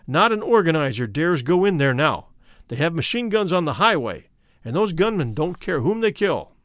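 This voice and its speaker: A man's voice: fairly high pitch, very animated, normal speed, fairly bright tone, dry recording, studio quality. A man voicing an anxious railway brakeman who gives a grave warning, in a memoir reading.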